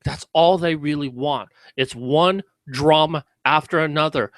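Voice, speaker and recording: Man, sarcastic vlog commentary, slightly high voice, dry close mic. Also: unhurried, dry recording. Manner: sarcastic, mocking. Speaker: video commentator.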